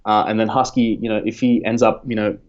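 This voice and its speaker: Guy guesting on a podcast, talks quick and rambly, kinda muffled audio. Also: lowish voice, level tone, darkish tone. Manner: rambling, lots of fillers and restarts. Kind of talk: casual podcast chat.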